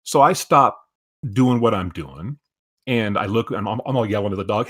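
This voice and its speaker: Man, 50s, lowish pitch, casual storyteller, swears a lot. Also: moderate pace. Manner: profane, animated storyteller. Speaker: stream co-host.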